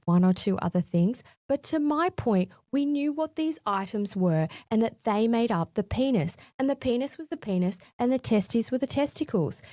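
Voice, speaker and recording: A woman's voice: mid-range voice, darkish tone, no room sound, clean studio sound. A woman in her forties hosting a solo podcast, talking in a cheeky, frank, chatty way with a bit of mild swearing. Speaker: podcast host. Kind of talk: scripted solo podcast monologue.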